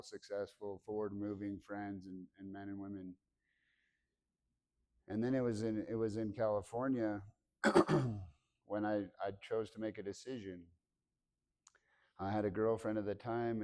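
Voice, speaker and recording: A man in his thirties speaking candidly to students about his life, halting and full of restarts, acting out remembered conversations. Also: fairly low pitch, dark tone, clear, resonant tone. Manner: acts out remembered dialogue with raised voice. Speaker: motivational speaker. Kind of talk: personal story told to a student audience. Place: school hall.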